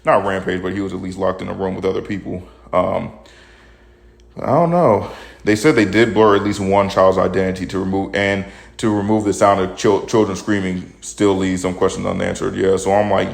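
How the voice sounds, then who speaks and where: Man, young, podcast host, low voice, crackly fry, blunt profane rant. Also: flat delivery, a little fast. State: slightly out of breath. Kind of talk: casual opinion commentary.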